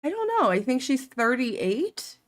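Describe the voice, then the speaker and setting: A woman's voice: high voice, big pitch swings, a little slow. A woman hosting reaction commentary, sarcastic and mocking toward the clip she reacts to. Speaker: commentary host.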